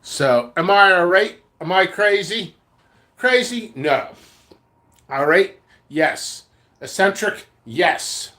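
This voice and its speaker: High-voiced, bright man ranting angrily. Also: animated, takes it slowly. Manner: angry, profane ranting; blunt and rambling with restarts. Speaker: seed vendor. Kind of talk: vlog rant to camera.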